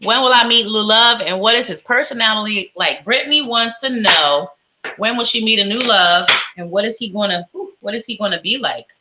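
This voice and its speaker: A woman's voice: medium pitch, brisk, sharp tone, lo-fi sound, a little hiss or hum. A woman hosting a live psychic stream, giving tarot readings and greeting viewers in a sing-song, effusive way. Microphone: webcam with ring light.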